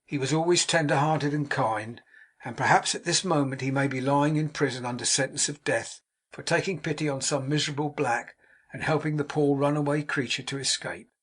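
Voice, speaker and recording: Brief: a man raising his voice to play a motherly landlady, soft and husky, storybook. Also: a little high, fairly even intonation, brisk. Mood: distressed. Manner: soft, motherly, easily moved. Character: kindly middle-aged female innkeeper, tender-hearted.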